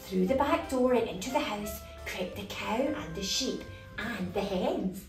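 A woman's voice: medium pitch, animated, measured pace, echoey room, distant mic, faint music behind. A woman hosting a children's storytime, reading a picture book aloud expressively, gasping and exclaiming along the way.

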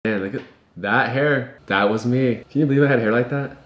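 A man's voice: mid-range voice, a little fast, reverberant. A young man, a family vlogger, talking casually and jokingly to his viewers. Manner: jokey, upbeat, addresses viewers. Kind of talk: casual vlog talk.

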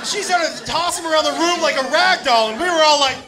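A man telling a loud, profane story as a stand-up comedian, acting out the people in it. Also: very high voice, quick pace. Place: comedy club stage with laughing audience. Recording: live club recording with crowd noise.

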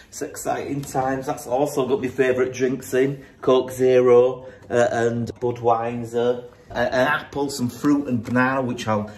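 A man's voice: medium pitch, slight background noise. A middle-aged man hosting a TV show, rambling and joking through a casual video diary backstage in a studio dressing room, filmed on a handheld phone. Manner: rambling, jokey, self-mocking. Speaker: TV show host.

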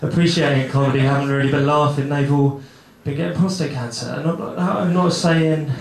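A young man performs stand-up at a comedy club, his somewhat high voice brisk, fairly even in intonation, and touched with vocal fry. He rambles awkwardly, swears heavily, and mocks himself as loud crowd laughter echoes around the room.

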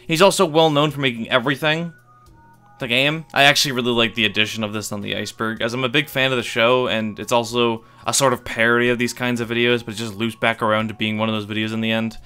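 Bright, crisp-voiced man narrating wryly. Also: medium pitch, flat delivery, fast, faint music behind. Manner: wry, offhand, swears for comic effect. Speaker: YouTube iceberg explainer. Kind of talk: scripted video narration with casual asides.

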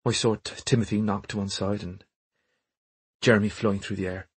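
A man's voice: fairly low pitch, steady tone, moderate pace, breathy edge, no echo. A man voicing a serious Irish nanny in her thirties, telling her story earnestly. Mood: recounting.

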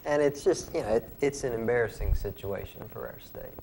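A man, a guest legislator, talking in an earnest, measured way over dinner. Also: medium pitch, a little mellow, slight background noise. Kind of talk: casual chat.

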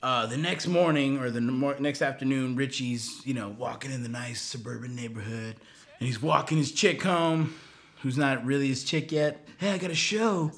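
A man's voice: medium pitch, moderate pace. A man doing a crude, rambling, profane comic retelling of a film. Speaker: comedian.

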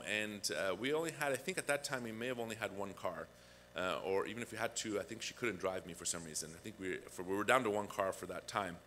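Guy pastor preaching in church, kinda low voice, faint hum in the background. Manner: conversational, animated when acting out quotes. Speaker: guest pastor. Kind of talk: sermon with storytelling.

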